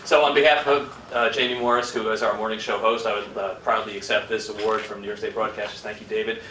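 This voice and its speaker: Man, award acceptance, cheerful, bright forward voice, faint noise behind. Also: on the low side, level tone, fast talker. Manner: cheerful, laughing, loose. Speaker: radio station representative. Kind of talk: acceptance speech. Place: banquet hall. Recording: echoey hall, distant mic.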